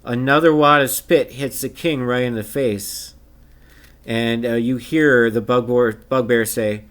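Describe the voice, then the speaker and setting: A man narrating a tabletop game as game master, pausing often with fillers. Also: medium pitch, fairly bright tone. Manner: hesitant, many uh fillers.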